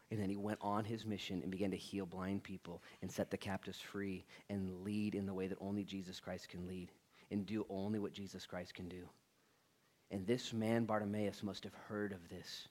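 A male pastor preaching a sermon in a church with energetic, casual and slangy talk. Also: lowish voice, brisk.

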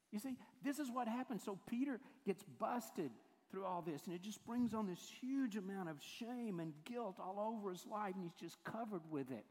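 A man's voice: high-pitched, expressive, moderate pace, few pauses, a little mellow. A male pastor, giving a conversational sermon full of acted-out quotes. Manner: conversational storytelling, acts out quoted voices. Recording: hall reverb.

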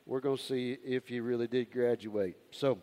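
A man preaching a sermon as pastor, calling out to the congregation and swinging from loud to hushed. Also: medium pitch, steady tone, normal speed, long reverb tail, slight background noise.

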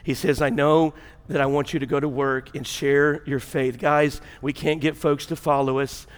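A Southern preacher from Mississippi delivers his sermon with folksy, fervent conviction. His voice sits a little high for a man, and his accent colors every loose, colloquial phrase. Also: clear, resonant tone, big-room sound. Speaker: pastor.

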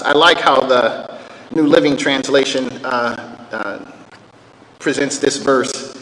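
A pastor preaching a sermon, animated, swinging from loud outbursts to quiet low reading of scripture. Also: male voice, slow pace, long pauses, slight background noise. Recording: echoey hall with long reverb.

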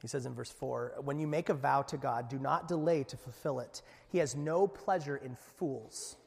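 A man, a pastor, preaching a conversational sermon with lively asides. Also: mid-range voice, moderate pace, creaky. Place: church sanctuary. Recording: long echo of a church hall.

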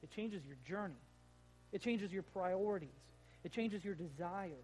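Animated, conversational male pastor preaching. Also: sits high, moderate pace, slight background noise, low-quality recording. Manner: conversational, animated, asks rhetorical questions; plain-spoken, with casual fillers. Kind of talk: sermon.

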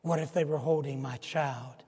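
A pastor in his sixties preaching a sermon, swinging from hushed asides to shouted emphasis. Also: a little high, fairly even intonation, normal speed, breathy edge. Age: 60s. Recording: long hall reverb.

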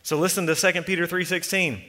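A male pastor delivers a sermon in a bright, forceful voice. He preaches in a measured way, slowing to lean on key words, and the long reverb of a church sanctuary trails after each phrase. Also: high-pitched, steady tone.

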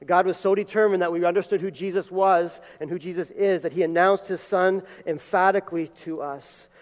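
A man's voice: sits high, fairly even intonation, brisk, in a large hall. A man preaching a sermon in a church, reading scripture, praying and teaching with emphatic repeated phrases. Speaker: pastor. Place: church sanctuary.

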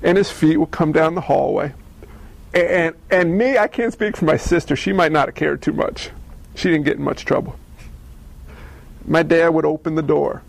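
A man preaching a sermon, telling stories in a conversational, animated way and asking the audience questions. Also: on the high side, normal speed, gravelly. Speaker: pastor.

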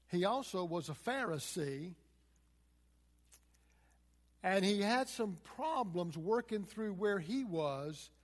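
A man's voice: high-pitched, big-room sound. A man preaching a sermon, walking through scripture verse by verse and retelling it in plain, everyday words.

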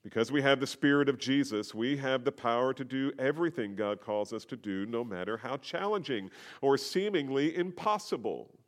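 A middle-aged man preaching a sermon as a pastor, explaining a letter verse by verse, rising for emphasis and dropping quiet. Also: medium pitch, expressive, normal speed. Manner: expository preaching, rises in emphasis then drops quiet.

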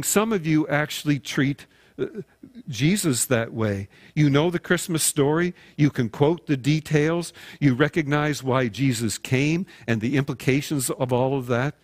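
Man, pastor, slightly high voice, sermon, storytelling, acts out little dialogues. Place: recorded without in-person congregation.

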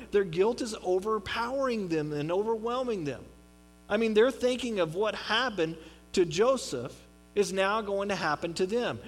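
High-voiced male pastor, conversational Bible teaching, slips into small character voices; light mains hum. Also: rough recording. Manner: casual and chatty, reads scripture then explains it, acts out little voices.

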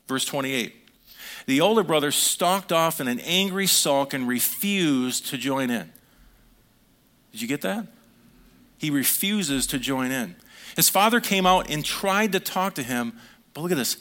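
A man preaching a sermon, reading scripture aloud and acting out the quoted lines with lively swings in his delivery. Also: on the high side. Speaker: pastor.

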